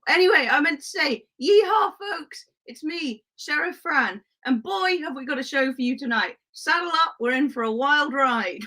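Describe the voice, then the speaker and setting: A woman's voice: high-pitched, lively intonation, normal speed, hardly any pauses, bright, forceful tone. A woman putting on a rowdy female Wild West sheriff, hamming it up with a put-on Western drawl in a playful live-stream role-play. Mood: hammy. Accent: put-on American Western drawl. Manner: hammy, drawling, y'all and yeehaw.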